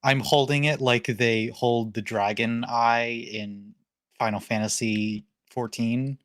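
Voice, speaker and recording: A man's voice: mid-range voice, steady tone, slow, fairly bright tone, no room sound. Dry-voiced man, wry player banter. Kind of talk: casual tabletop game chat.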